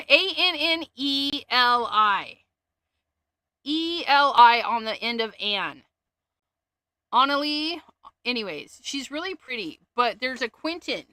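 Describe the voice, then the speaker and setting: Woman, high bright voice, slow unhurried talk, dry close sound, giggly craft chat. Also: animated, no echo. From Canada. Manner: chatty, giggly, thinks aloud. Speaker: crafting livestream host.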